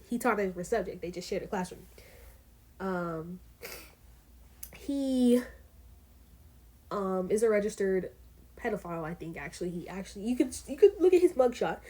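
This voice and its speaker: A teenage girl chats her way through a storytime vlog. She rambles, peppering her sentences with fillers and quick asides, and her voice sits at an ordinary pitch for her age. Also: expressive, darkish tone. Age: teens. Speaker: vlogger.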